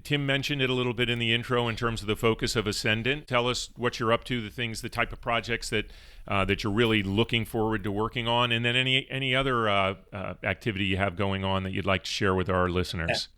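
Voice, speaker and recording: A man's voice: on the low side, fairly even intonation, quick pace, pushed and bright, clean tone. A man co-hosting a sports business podcast, a chatty interviewer who laughs along with his guest. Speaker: podcast co-host.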